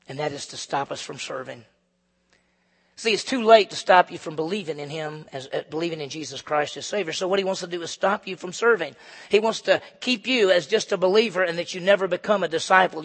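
Husky gravelly guy preaching, gets loud then drops way down, big echoey hall. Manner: emphatic, rising to loud peaks then dropping low. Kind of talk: sermon. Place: church sanctuary. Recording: long reverb of a large hall.

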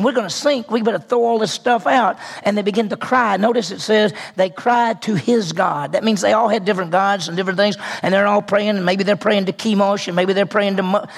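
Male pastor, husky and raspy tone, sermon storytelling. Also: high voice. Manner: storytelling with acted-out voices, rhetorical questions.

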